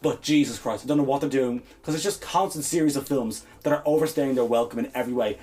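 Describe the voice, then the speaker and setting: A man's voice: medium pitch, fast, a little mellow. A man co-hosting a podcast, ranting in heated, exasperated bursts and swearing freely. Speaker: podcast co-host. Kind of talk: ranting casual chat.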